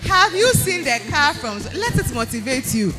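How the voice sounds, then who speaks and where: A woman's voice: sits high, sing-song, moderate pace. A woman with a Ghanaian accent hosting a live event, energetically coaxing people from the audience to come up, repeating her calls again and again. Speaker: event host. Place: live event hall with music playing. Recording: faint background music.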